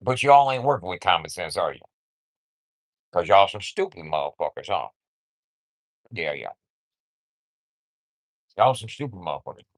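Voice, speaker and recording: A man's voice: low-pitched, sing-song, normal speed, long pauses. A man ranting casually to camera at home, swaggering and taunting with profanity and laughs. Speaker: vlogger. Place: at home with his cat.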